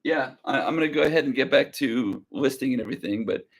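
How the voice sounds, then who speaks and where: A young man hosting a casual livestream, talking slowly and easily with a slight drawl, rambling as he reads viewer comments aloud. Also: medium pitch. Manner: slow, easygoing drawl. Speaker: livestream reseller host.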